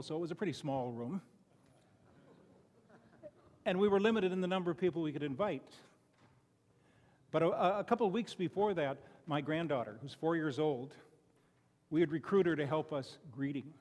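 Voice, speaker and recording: A man's voice: on the high side, a little mellow, long reverb tail. An older man from Chicago giving a folksy, conversational sermon full of personal stories, often restarting his sentences. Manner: folksy, conversational, frequent restarts and "you know". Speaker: lay preacher. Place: church sanctuary.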